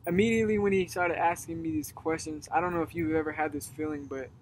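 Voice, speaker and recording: A young man in casual chat outdoors, telling a story in a rambling way, getting animated when he retells it. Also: on the high side, fast talker, slight background noise. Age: young adult. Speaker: guest. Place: outdoors at dusk.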